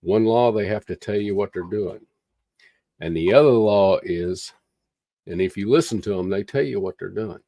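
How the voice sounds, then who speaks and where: Man, very deep voice, mellow dark tone, earnest preachy livestream monologue, repeats phrases for emphasis. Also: moderate pace, no echo. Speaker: livestream host. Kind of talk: impassioned motivational monologue.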